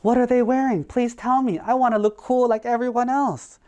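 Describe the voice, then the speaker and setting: A man voicing a big vain male bear who is desperate to be liked, in a pleading, excited way. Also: extremely high pitch, normal speed, pitched above the performer's own voice. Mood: eager.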